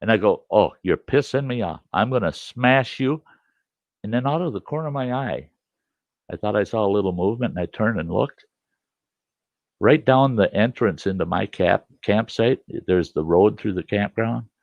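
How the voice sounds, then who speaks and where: In a low, gravelly voice, an older storyteller host tells a camp yarn at normal speed, getting lively as he acts out arguments and yells at his camera. The audio is dry and slightly dull, with no room sound at all.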